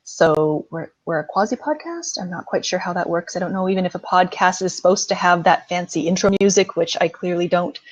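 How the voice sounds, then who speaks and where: A woman's voice: lowish voice, muffled recording. A woman hosting a casual interview show over a video call, friendly and loose, laughing easily. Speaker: podcast host.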